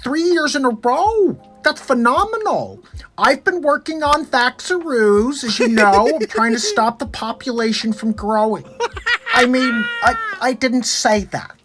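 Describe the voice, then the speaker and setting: A man's voice: very high voice, expressive, a little slow, background noise, pitched above the performer's own voice. A man doing a comedic impression of a nerdy male tech billionaire with awkward, nervous laughter.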